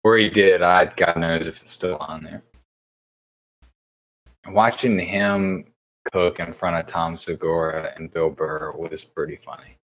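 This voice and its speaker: A man's voice: deep voice, fairly even intonation, measured pace, a bit bright, low-quality recording. A man co-hosting a podcast in easygoing, casual chat who laughs often. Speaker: podcast co-host.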